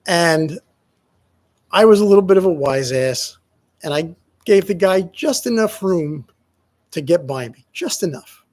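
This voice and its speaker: A middle-aged man with a husky, slightly breathy voice, pitched a bit high for a man. He tells stories loosely, stopping and restarting his sentences as he goes. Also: animated, a little mellow. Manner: rambling, halting with many restarts. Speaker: vlogger. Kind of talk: casual storytelling monologue.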